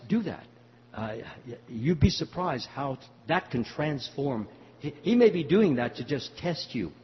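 An older man giving a devotional talk, telling a story in a halting way with many fillers. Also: mid-range voice. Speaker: spiritual teacher. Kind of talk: devotional talk answering questions. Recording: muffled hall recording with faint hum.

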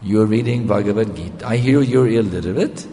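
A man's voice: on the low side, a little fast, lightly acted. A man doing a sweet-voiced merciful saint. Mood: gentle. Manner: sweet, gently questioning. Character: gentle, merciful male saint, kind and soft-spoken. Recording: long hall reverb.

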